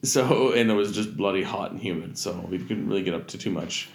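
A man's voice: low voice, fairly quick. A Canadian man telling travel stories in a casual chat, rambling, correcting himself, and swearing freely.

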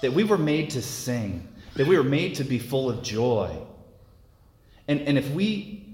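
A male preacher gives a sermon at a middle pitch, earnest and unhurried, often doubling back on words. His voice rings through a roomy hall with a long reverb trailing each phrase. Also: darkish tone.

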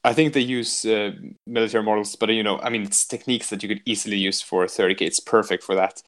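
A man's voice: lowish voice, fairly even intonation, fast, fairly bright tone. A man hosting a podcast in casual chat, rambling and joking and swearing freely, slipping into silly mock voices now and then. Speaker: podcast host.

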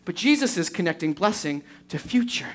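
A woman's voice: lowish voice, sing-song, brisk. A woman preaching a sermon to a congregation, emphatic and full of rhetorical questions. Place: church service before a congregation.

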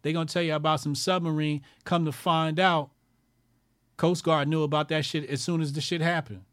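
A man's voice: a little high, fairly even intonation, moderate pace, fairly bright tone, dry recording, clean studio sound. A man hosting his own commentary show, ranting crudely with constant swearing, mocking people and repeating lines for emphasis.

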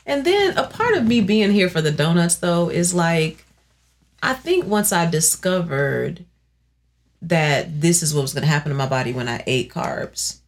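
A woman in her thirties talks casually as a podcast co-host. Her voice sits a little low, and she keeps it animated. She often acts out her own thoughts in playful put-on voices. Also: moderate pace. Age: 30s. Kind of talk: casual chat.

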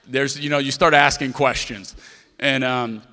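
A pastor preaches to a congregation, acting out the voices of each person in his story. He is a man in his thirties with a bright, forceful tone. His voice rings out with the long reverb of a large church hall. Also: medium pitch, fairly even intonation, measured pace. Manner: storytelling, acts out dialogue with voices. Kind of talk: sermon.

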